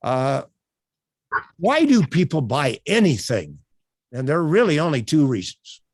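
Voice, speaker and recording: An older man presenting a sales workshop over a video call, telling stories in an animated way with frequent fillers. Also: on the high side, a little slow, no room sound, studio quality. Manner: animated, projecting, storytelling with many fillers.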